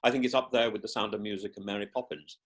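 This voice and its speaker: A man's voice: on the low side, rapid-fire. Theatrical man who stumbles over his words. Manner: animated, theatrical, breaks into put-on voices; stumbles and repeats words while thinking. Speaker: podcast guest, professor and former politician. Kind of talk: casual interview chat.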